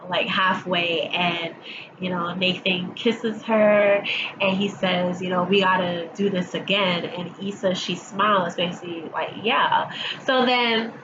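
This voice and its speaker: A woman's voice: on the low side, fairly even intonation, a little slow. A woman with allergies chatting through a casual episode recap vlog at home, acting out the characters' lines as she goes. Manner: chatty storyteller, acting out quotes, laughing along. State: stuffy with allergies. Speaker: TV episode reviewer. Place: at home, sirens passing outside. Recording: dull home recording with audible background noise.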